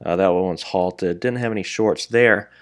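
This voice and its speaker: A man hosting live day trading commentary, talking quickly to his viewers as traders and guys, and openly scolding himself when a trade goes wrong. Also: sits low. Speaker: day trader and channel host.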